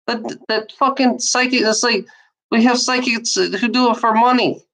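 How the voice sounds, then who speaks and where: A woman's voice: a little high, steady tone, normal speed, a bit bright, low-quality recording. A woman in a casual rambling monologue, swearing freely and often breaking into laughter.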